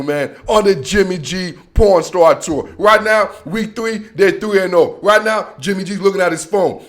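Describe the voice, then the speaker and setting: A man hosting a casual sports show, making playful, slangy predictions about the coming season. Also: high voice. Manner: playful trash talk with slang. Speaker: sports podcast host.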